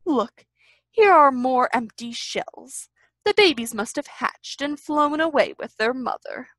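A woman voicing a gentle, kindly male teddy bear from a storybook, speaking simply. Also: high-pitched, lively intonation, unhurried, no echo, heavily acted.

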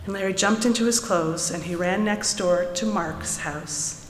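A woman tells a story to a congregation, voicing the characters with lively energy. Her voice rings out through a large sanctuary with a long, hollow echo, and a faint hum sits underneath. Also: fairly low pitch, measured pace. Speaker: storyteller at a synagogue service. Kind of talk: reading a children's story aloud, then teaching. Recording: echoey hall, from a room mic.

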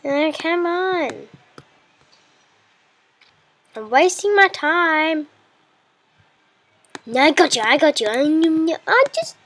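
A woman's voice: sits high, expressive, extremely slow, long pauses, a bit bright, slight background noise. A woman giving casual, rambling gameplay commentary as the host of her own let's play, chatting playfully and talking to the animals in her game.

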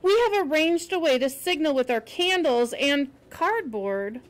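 A woman reading aloud and voicing an eager, chatty young girl who pleads excitedly. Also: high-pitched, a little slow.

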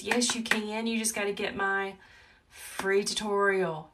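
A woman with a Southern US accent hosting a live wreath-making tutorial, chatty and talkative, with a calm, soothing voice. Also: medium pitch, moderate pace. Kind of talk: live crafting tutorial chat. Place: home wreath workshop. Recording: a bit distant from the mic, faint background noise.

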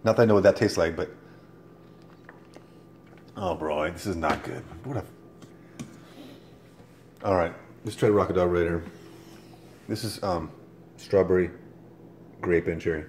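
Deep-voiced man venting in a review vlog. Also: unhurried, long pauses, slight background noise. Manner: exasperated, prone to loud profane outbursts. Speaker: product reviewer.

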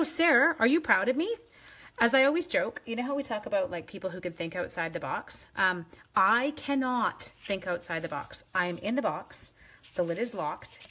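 A chatty, playful woman runs a live craft demo, talking straight to her viewers as she works. Her voice is husky and a little breathy, sitting in a middle pitch. She teases herself and jokes along the way. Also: a bit bright. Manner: chatty, playful, self-teasing.

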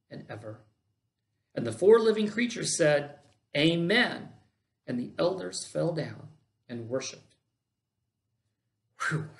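Gravelly-voiced pastor reading scripture. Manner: reads scripture with dramatic pitch swings and slowed phrases.

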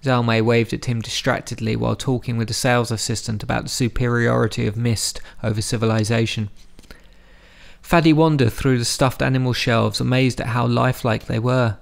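Male audiobook narrator, measured delivery, gravelly texture, mid pitch. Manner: steady, measured storytelling.

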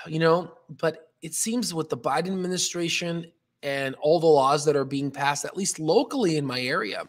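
A man's voice: fairly high pitch, moderate pace. A man hosting a stock market channel, walking through a chart in casual, rambling talk full of fillers and restarts, sounding a bit tired. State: yawning, tired.

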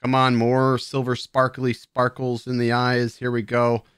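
A man's medium-pitched voice sounds clear, resonant and a bit bright, yet completely flat and a little slow, recorded cleanly in a studio with no echo. Hosting a live stream from a headset at his desk, he drinks beer and chats in a tipsy, playful ramble, poking fun at himself for viewers.

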